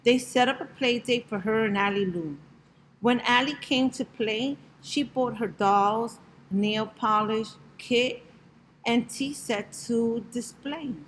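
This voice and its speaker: Woman reader, rhyming picture book aloud, gentle rhythm, slow pace, faint noise. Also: fairly high pitch, rough recording. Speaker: storybook reader.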